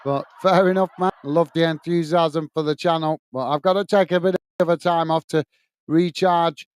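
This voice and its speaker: A man's voice: a little high, steady tone, moderate pace, clear, resonant tone, dry recording. A man from England hosting a live football watchalong, calling the play and reading out viewer messages in a chatty way. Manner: chatty, reads viewer comments aloud and calls play. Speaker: watchalong host. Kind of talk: live stream match commentary and chat reading.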